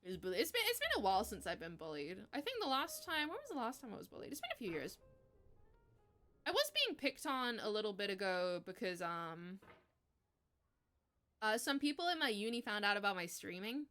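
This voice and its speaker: A woman in her twenties streaming live, telling a story in casual chat, animated, swearing freely and laughing as she goes. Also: medium pitch, a little fast.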